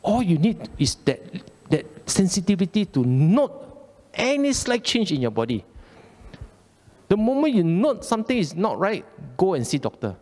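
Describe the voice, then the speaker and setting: A man's voice: high-pitched, very animated, moderate pace, a little mellow, in a large hall. A man with a Malaysian English accent giving an informal Dhamma talk, chatty and colloquial, often repeating phrases and asking "okay?". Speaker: Buddhist Dhamma speaker. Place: temple hall.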